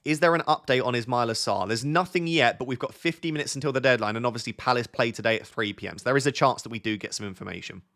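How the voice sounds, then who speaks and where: A man's voice: medium pitch, fast talker, few pauses, fairly bright tone. A young man from Essex with a southern English accent, chatting casually on a live stream, reading out viewer questions and giving friendly advice as he thinks aloud. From Essex, England. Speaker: fantasy football streamer.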